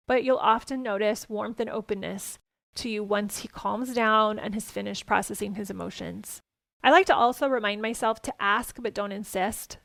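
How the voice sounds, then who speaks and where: A woman hosting a parenting podcast, talking gently and earnestly as she gives advice and tells stories from home. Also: on the high side, vocal fry, dry recording.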